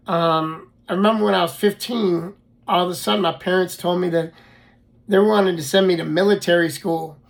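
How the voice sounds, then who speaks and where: A man casually telling his own life story, halting often with fillers and restarts. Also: sits high, creaky.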